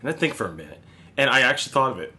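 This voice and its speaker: Bright-voiced man ranting with laughter. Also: mid-range voice, very animated, rapid-fire. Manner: profane, laughing rants. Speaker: podcast co-host. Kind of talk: casual chat.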